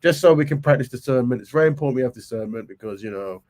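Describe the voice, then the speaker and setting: A man with a cold and a hoarse voice, hosting a live stream in casual chat, reading out points and muttering asides that trail off. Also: mid-range voice, very fast, darkish tone. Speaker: livestream host.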